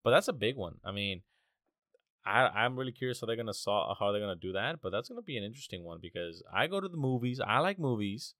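A young man rambles through a casual rant, growing exasperated and dropping curses as he goes. His voice sits at an ordinary male pitch. The recording is dry and close, with no room sound. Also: fairly bright tone, dry recording. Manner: exasperated, profane, rambling with restarts. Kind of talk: casual ranting monologue.

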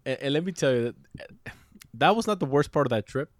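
A man telling a childhood story in casual chat, animated and swearing freely, dropping into Spanish phrases. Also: mid-range voice, a little fast, no room sound, clean studio sound.

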